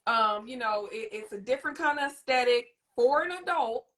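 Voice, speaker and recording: A woman hosting a parenting talk, explaining in a lively, teacherly way and addressing the audience directly. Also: on the high side, moderate pace. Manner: animated, teacherly, demonstrates a soothing voice. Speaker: host and parenting coach. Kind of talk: live interview chat.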